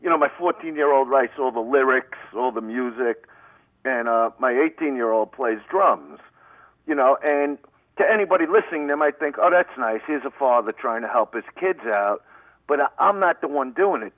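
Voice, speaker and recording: A man's voice: medium pitch, normal speed, no echo. Brash middle-aged male comic, thick Brooklyn accent, phoned-in, tinny line. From Brooklyn, New York. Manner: brash, rambling, profane. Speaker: guest comedian. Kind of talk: phone-in radio interview.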